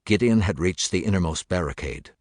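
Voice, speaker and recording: A man narrating a thriller audiobook in a measured, steady voice. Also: low-pitched, dry recording.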